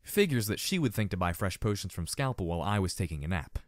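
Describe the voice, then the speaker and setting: A hoarse man narrating a fan audiobook in an expressive, dramatic reading. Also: low voice, quick pace, no room sound, clean studio sound. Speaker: audiobook reader.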